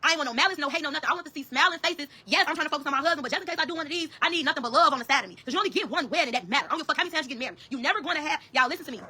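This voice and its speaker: A woman's voice: high voice, racing, few pauses, bright, forceful tone. A woman telling her own story on a phone livestream, profane and emphatic, constantly calling out to her viewers. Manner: profane, emphatic, keeps addressing viewers as y'all. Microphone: phone camera on a livestream.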